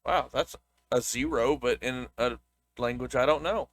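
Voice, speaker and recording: A man's voice: medium pitch, a little slow, no room sound. A young man co-hosting a podcast, chatting loosely, laughing and often restarting his sentences. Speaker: podcast co-host. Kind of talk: casual chat.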